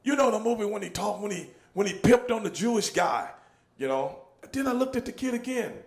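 A man's voice: high-pitched, lively intonation, a little fast. A man telling a story in casual chat, laughing and acting out the people he quotes. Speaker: show host telling a story.

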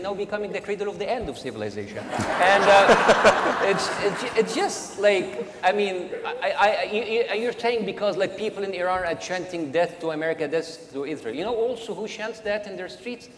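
A man's voice: high-pitched, normal speed. A man from Egypt arguing emotionally on a debate panel, restarting often and stacking up fillers. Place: large event hall with audience. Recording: large echoing hall with crowd noise.

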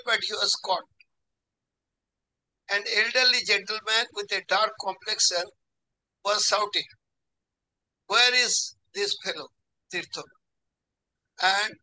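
An older man in his seventies with a Bengali accent, hosting a talk and telling a doctor's story in the third person with slow pauses. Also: high voice, sharp tone, rough recording. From India. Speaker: host.

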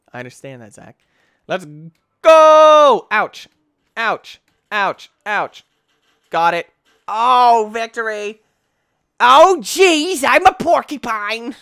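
A man giving goofy let's play commentary, talking to the game and bursting into shouts when things go wrong. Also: a little high, no echo, clean studio sound.

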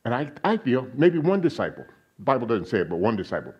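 A man preaching a sermon as a guest speaker in a church, animated, asking the congregation questions and raising his voice on quoted lines. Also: medium pitch, fast, highs cut off, crowd noise. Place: church sanctuary.

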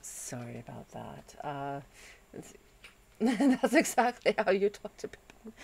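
A woman streaming a video game from home, groggy after a headache, chatting calmly with viewers and fussing at her dog. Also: mid-range voice, takes it slowly, vocal fry, no room sound. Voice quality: calm, soothing voice. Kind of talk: casual live-stream gameplay chat.

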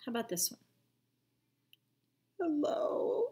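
Teacher lady doing a video lesson for kids, gentle and patient, asks lots of questions. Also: mid-range voice, measured pace.

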